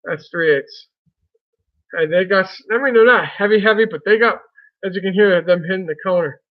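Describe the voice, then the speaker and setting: A man's voice: sits high, fairly quick, phone-quality sound. A man hosting a casual live stream, chatting in a folksy way and greeting viewers by name.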